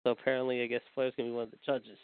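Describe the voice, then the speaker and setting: A man in a middle pitch reads wrestling news aloud and rambles as he goes, with "however" and "apparently" turning up again and again. The sound is dry and narrow, like a phone line. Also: flat delivery, rapid-fire, smooth, no room sound. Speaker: podcast co-host.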